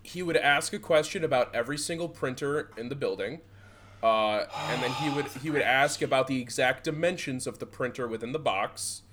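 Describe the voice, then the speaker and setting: A young man from Michigan talking casually as a podcast co-host. He rambles through old retail stories, swearing freely and laughing as he goes. His voice sits at an ordinary pitch for a man. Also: normal speed, a bit bright, a little hiss or hum. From Southeast Michigan. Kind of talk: casual chat.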